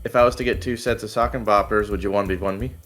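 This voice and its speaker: A man's voice: lowish voice, steady tone, fast, a bit bright, faint music behind. Brash teasing man. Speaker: podcast co-host. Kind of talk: casual crude banter.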